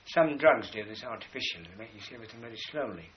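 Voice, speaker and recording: A man giving a spoken lecture in a measured, explanatory way, slowing down to stress key words as he points to drawings. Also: fairly low pitch, lively intonation, muffled recording, slight background noise.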